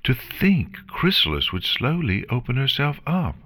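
Man voicing a gentle regal pony princess. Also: mid-range voice, sing-song, a little slow, voice pushed up, full character voice. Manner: warm, soothing, reassuring speech. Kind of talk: fan fiction reading.

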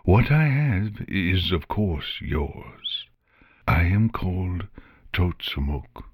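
A man voicing an old, blind male basilisk who speaks slowly and carefully in a dry, rustling voice. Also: low-pitched, expressive, breathy edge, no room sound, full character voice. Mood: weary. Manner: slow and careful.

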